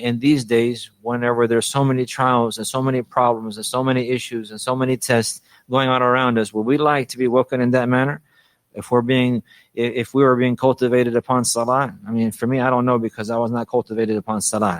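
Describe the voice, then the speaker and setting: A man's voice: medium pitch, dry recording. A man giving a religious lesson on manners, often repeating a phrase to stress it and restarting his sentences. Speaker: Islamic teacher.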